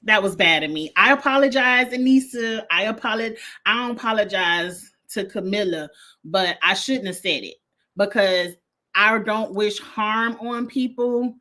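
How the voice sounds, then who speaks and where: A woman, reviewing a reality show in a blunt, animated casual livestream chat with frequent laughter. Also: mid-range voice, normal speed. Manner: blunt, animated, laughs often, uses slang.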